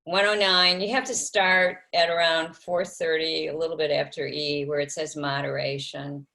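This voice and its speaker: A woman student in a class discussion, talking in a hesitant, halting way as she works through a text. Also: low voice, level tone, creaky, pushed and bright. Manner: hesitant, halting, with fillers and restarts.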